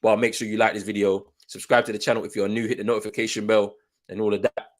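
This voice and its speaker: Speaking quickly in a lowish, flat voice, this streamer runs a live football watchalong. He chats casually, calls the match, and answers comments from his viewers.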